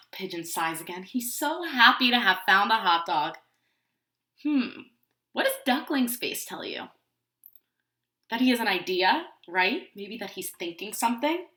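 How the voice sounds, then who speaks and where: A woman pre-K teacher reading a picture book aloud to young children, in an animated way and often asking them questions. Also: mid-range voice, reverberant.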